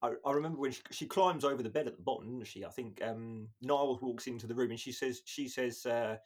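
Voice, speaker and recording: A man's voice: medium pitch, fast. A man co-hosting a podcast, chatting casually and laughing as he quotes lines. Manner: animated, laughs while acting out lines. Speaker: podcast co-host. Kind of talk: casual chat.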